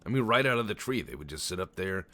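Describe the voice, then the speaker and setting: A man commenting on a game he is playing, telling long absurd stories in a deadpan way, stammering and swearing often. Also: low voice, fast talker. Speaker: Let's Play commentator. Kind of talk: casual game commentary with rambling tall tales.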